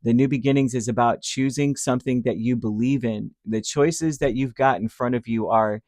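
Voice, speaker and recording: A man's voice: mid-range voice, fairly even intonation, moderate pace, a little mellow, no room sound, clean studio sound. A man giving a casual, rambling tarot reading, who acts out little voices as he talks. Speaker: tarot reader.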